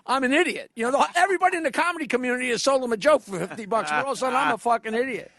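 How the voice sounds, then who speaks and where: A man's voice: extremely high pitch, expressive, rapid-fire, a bit bright, dry recording. An older man, a guest comedian telling rambling anecdotes full of restarts in casual studio chat.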